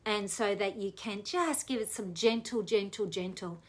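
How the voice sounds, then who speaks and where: A woman teaching a guided self-massage for relaxation, talking gently and slowly in a soothing way. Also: medium pitch. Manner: gentle, soothing, slow guidance with soft laughs. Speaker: wellness educator.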